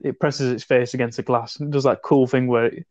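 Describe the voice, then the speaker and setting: An animated man in a casual film discussion, pushing his points hard. The sound is dull and lo-fi, with no room echo at all. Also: mid-range voice, a little fast. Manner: animated, argues emphatically. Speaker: podcast co-host.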